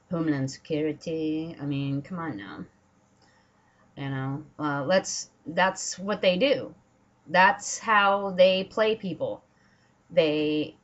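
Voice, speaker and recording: A woman's voice: lowish voice, fairly bright tone, muffled recording. A woman from Washington State delivering an angry, profane political rant at home, with sarcastic mock quotes. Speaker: political vlogger. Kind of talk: angry ranting monologue. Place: home, dogs barking nearby.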